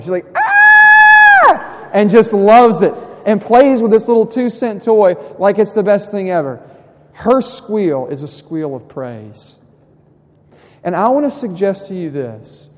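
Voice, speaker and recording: In a church sanctuary, a young pastor with a slightly high voice preaches a conversational sermon. His delivery shifts between soft, quiet asides and rising emphasis, and a long reverb follows each phrase.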